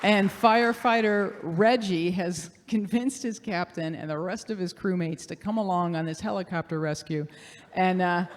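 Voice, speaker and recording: A middle-aged woman telling a humorous personal story on stage, self-deprecating and chatty with many fillers. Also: fairly low pitch. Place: showcase stage. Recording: long hall reverb.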